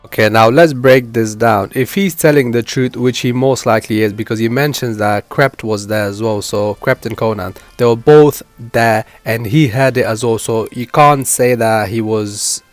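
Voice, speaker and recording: Male commentary host, mid pitch, earnest and explanatory, dry close-mic sound. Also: moderate pace, few pauses, no echo, soft background music. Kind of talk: reaction commentary.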